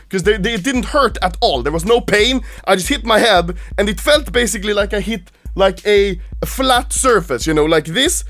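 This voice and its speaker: A man's voice: sits high, normal speed, few pauses, a bit bright, dry recording, faint music behind. A man casually telling a story to camera, laughing often and swearing freely.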